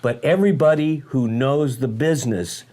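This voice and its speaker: A man co-hosting a casual political talk show, telling stories in a folksy, animated way and slipping into quoted voices. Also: medium pitch, normal speed. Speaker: co-host.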